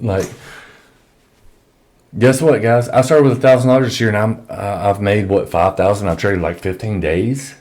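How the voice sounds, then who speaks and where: A man's voice: lowish voice, unhurried, darkish tone. A man teaching trading in an office on a microphone, lecturing bluntly and with profanity. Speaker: trading educator. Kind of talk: screen-share trading lesson.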